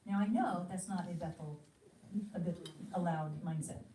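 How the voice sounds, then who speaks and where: An American woman, a ministry teacher, gives a teaching talk in a lowish, mellow voice at normal speed, telling stories animatedly and acting out her own quoted thoughts. The room is echoey, the mic sits at a distance, and there's slight background noise.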